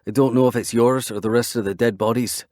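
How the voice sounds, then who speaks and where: A man voicing a rough male biker with a Scottish accent in an audiobook, urgent and blunt. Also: medium pitch, steady tone, fast, a little mellow, no echo, natural voice.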